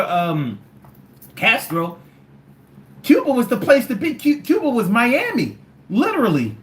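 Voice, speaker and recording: A livestream host reading chat comments and rambling, animated and profane, with many restarts. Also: medium pitch, a little hiss or hum. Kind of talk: casual livestream talk.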